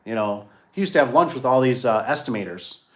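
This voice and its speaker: His medium-pitched voice is animated, brisk and fairly bright as this adult man, a local who owns a garage door company, chats casually with viewers. He wanders from story to story, folksy and prone to repeating himself.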